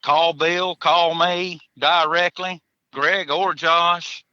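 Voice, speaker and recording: A man's voice: fairly high pitch, fairly even intonation, slow, sharp tone, smooth, no echo, muffled recording. A man, a hunter chatting as a podcast guest in a folksy, joking way, chuckling between answers. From Tennessee, USA. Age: 40s. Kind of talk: casual podcast interview.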